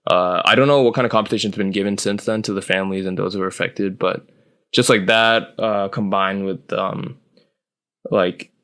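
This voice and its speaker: A man's voice: on the low side, steady tone, moderate pace, a bit bright, clear, resonant tone. A young man co-hosting a podcast, chatting loosely with lots of fillers and swearing. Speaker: podcast co-host. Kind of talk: casual chat.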